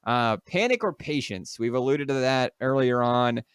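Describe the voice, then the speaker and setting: A young man chatting casually as co-host of a sports podcast, with a smooth, resonant voice. He jokes around and rambles, full of fillers and restarts. The sound is dry and close, with no room around it. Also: mid-range voice, animated, moderate pace, dry recording. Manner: jokey, loose, lots of fillers and restarts.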